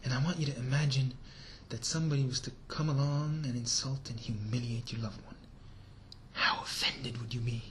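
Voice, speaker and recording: A man telling a religious story as a sermon, animated and speaking straight to his listeners, sometimes dropping to a whisper. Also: medium pitch, moderate pace, slight background noise. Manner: addresses listeners directly. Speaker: preacher.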